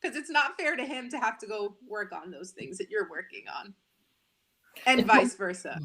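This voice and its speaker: A woman's voice: medium pitch, lively intonation, normal speed, a crowd in the background. A woman news anchor in her thirties, chatting candidly and animatedly as a guest on a talk show.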